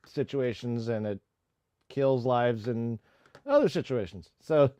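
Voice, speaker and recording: A man hosts a casual live stream about making music, wandering from thought to thought with lots of fillers and restarts. His voice sits at an ordinary pitch. The recording is dry and dull, with a muffled lo-fi quality. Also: slow pace, warm tone, no room sound. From United States. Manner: rambling, with many fillers and restarts. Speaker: music-producer streamer hosting a chat.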